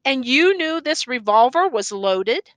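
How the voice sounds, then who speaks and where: A woman reading the part of a grave male judge who questions the accused in a stern, measured way. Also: high voice, sing-song, a bit bright, no room sound, full character voice.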